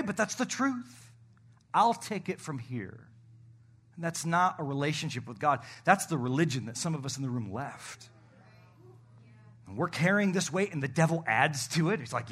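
A middle-aged man preaches from the pulpit of a church. His voice is bright and sits a little high. He keeps swelling into emphatic calls to the congregation. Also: animated, normal speed, husky. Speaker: pastor. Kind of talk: sermon.

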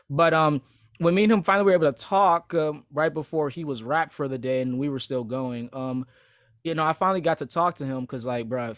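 A man's voice: medium pitch, dry recording, studio quality. A young man hosting a casual chat, telling a rambling story in slangy talk full of fillers. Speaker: podcast host, aspiring actor.

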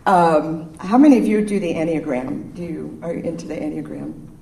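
A woman's voice: low voice, normal speed, creaky, warm tone. A woman giving an informal, playful sermon to a live audience, chatting with them and leading breathing exercises. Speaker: speaker at a spiritual service. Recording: echoey room, distant mic.

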